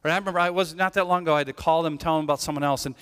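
A man's voice: fairly high pitch, fairly even intonation, racing, a bit bright, clear, resonant tone. A male pastor preaching a sermon in a casual, conversational way. He often checks in with "right?" and restarts his sentences. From Irish family background. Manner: conversational, tag questions, many restarts. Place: church sanctuary. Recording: church hall with long reverb.

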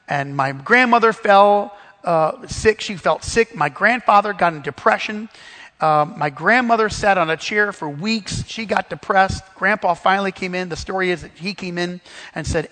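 Male preacher from the Midwest, halting delivery with restarts, pitched high, echo trailing off in a long hall. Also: pushed and bright. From Missouri, US Midwest. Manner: halting, full of restarts and fillers. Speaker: Bible study teacher. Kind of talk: sermon-style storytelling.

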